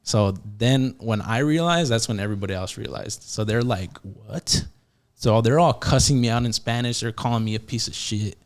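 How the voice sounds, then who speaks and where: A man's voice: mid-range voice, brisk, few pauses. A man, a podcast guest and former prison yard officer, telling a story casually with lots of fillers and restarts and acting out quotes. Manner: animated, acts out quotes, many fillers and restarts.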